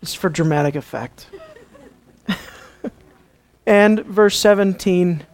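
A man's voice: high voice, slow, long pauses. Male pastor, sermon, dramatic, rhetorical questions, acts out the story.

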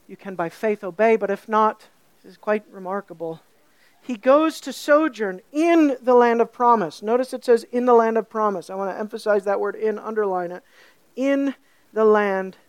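In a dry recording, a medium-pitched woman preaches with animation. She asks her listeners questions and stretches important words slowly for emphasis.

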